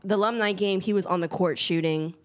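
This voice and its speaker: A woman's voice: medium pitch, fairly quick. A young woman co-hosting a podcast, chatting casually and reading out news items. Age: young adult. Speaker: podcast co-host. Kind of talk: casual chat.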